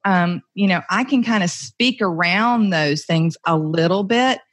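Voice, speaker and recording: Low-voiced woman reflecting earnestly. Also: unhurried. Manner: reflective and earnest, thinks aloud. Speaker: podcast guest, entrepreneur's wife. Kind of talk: conversational interview.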